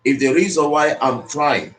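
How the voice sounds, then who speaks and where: A man's voice: fairly high pitch, expressive, moderate pace, a bit bright. Emphatic man, roomy echo. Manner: repetitive, emphatic, preachy. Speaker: motivational speaker. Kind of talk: motivational speech. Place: speaking to an audience in the Philippines.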